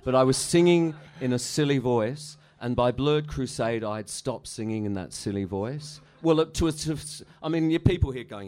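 A man's voice: mid-range voice, normal speed, few pauses, darkish tone. A middle-aged musician telling rambling, profane stories in a casual interview, laughing at his own anecdotes. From Australia. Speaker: musician guest.

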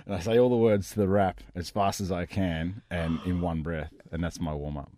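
A man co-hosting a casual radio chat, his voice hoarse and croaky. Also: low-pitched, fairly even intonation, normal speed, mellow, no echo. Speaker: radio co-host.

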